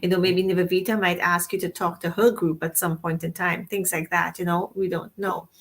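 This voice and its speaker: A woman's voice: lowish voice, level tone, brisk, fairly bright tone. A woman co-hosting a casual talk show, speaking effusively and rambling, with frequent restarts and rephrasings. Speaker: co-host.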